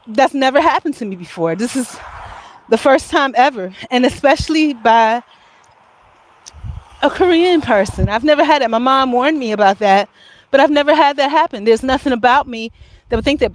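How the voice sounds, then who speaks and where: A woman's voice: fairly high pitch, slight background noise. A woman vlogging casually, telling a rambling story and laughing often as she talks.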